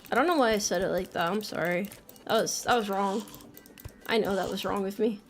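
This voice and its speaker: A young American woman streams a game and chats casually and playfully, reading chat messages aloud and joking about herself. Her medium-pitched voice is fairly quick, with soft music in the background.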